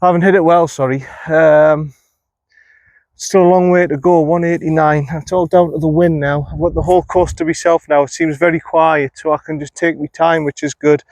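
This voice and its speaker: A golf vlogger plays alone on an outdoor course, giving running commentary, talking to himself and criticizing his own shots as a phone camera records. His voice is fairly high with a darkish tone, fairly even intonation and normal speed, and the recording is dry.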